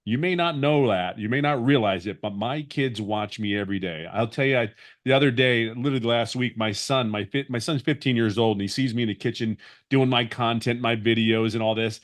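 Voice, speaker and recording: Man in his fifties, mid-pitched, earnest rambling testimonial for a webinar. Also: a little fast. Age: 50s. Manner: earnest, rambling, with many restarts. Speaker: webinar guest sharing his story.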